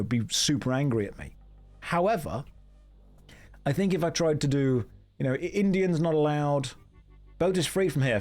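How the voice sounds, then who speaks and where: A man chatting through a video game stream, joking with his viewers as he plays. His delivery swings up and down with lively pitch, and quiet game music runs underneath. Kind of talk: casual gameplay commentary.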